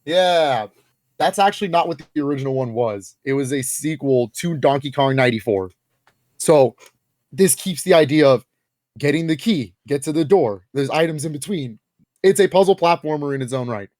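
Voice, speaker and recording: A young man chats casually on a podcast, full of energy and fillers and quick to laugh. His voice sits a touch high. The sound is close and dry. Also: no echo. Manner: animated, lots of filler words and quick laughs. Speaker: podcast co-host. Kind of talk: casual chat.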